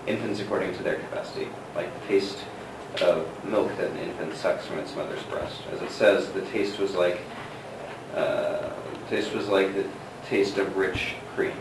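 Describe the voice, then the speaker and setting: A male student reading a text aloud in class, slow and careful with hesitations. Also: low voice, fairly even intonation. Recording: distant voice in an echoey room with noise.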